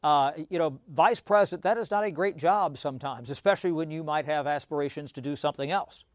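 A man explaining politics as a guest analyst, talking quickly with stammered restarts and many "you know" fillers. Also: fairly high pitch, no room sound, studio quality.

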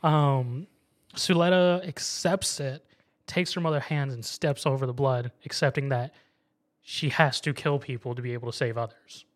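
A man recaps an anime episode casually, using a mid-range voice at normal speed. His storytelling is animated, and he acts out the characters' lines as he goes.

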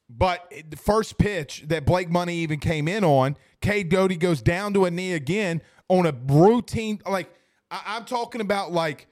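A man's voice: a little high, normal speed, no echo, clean studio sound. Rambling man hosting live chat. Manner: rambling, emphatic, repeats phrases for effect. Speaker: host reading live chat. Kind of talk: casual sports talk livestream. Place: studio.

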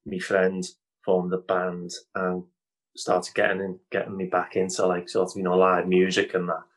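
Man, Scouse accent, lowish voice, rambling, fillers, easy laughter, casual interview chat. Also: completely flat delivery, normal speed, poor audio. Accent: Liverpool Scouse. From Liverpool, England. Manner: rambling, many fillers and restarts, laughs easily. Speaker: improv comedy guest. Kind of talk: casual interview chat over video call.

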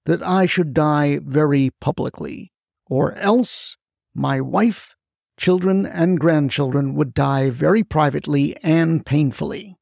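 A desperate older man, put on by a gravelly narrator, pitched up and drawn out, agitated and profane. His talk lands in a dry, close space with a rough fry underneath. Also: takes it slowly, darkish tone, dry recording, full character voice. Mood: grim, weary.

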